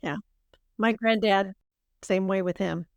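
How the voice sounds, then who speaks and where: A woman's voice: medium pitch, fairly even intonation, slow pace, dry recording, studio quality. A woman co-hosting a podcast, speaking sincerely about her own experiences over a call. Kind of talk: conversational interview.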